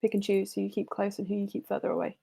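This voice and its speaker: Spoken by a woman game master, an earnest character offers grave, measured counsel in a voice with a gravelly edge. The delivery is cautionary and steady, close to the performer's natural voice. It suits a tabletop role-playing session. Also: medium pitch.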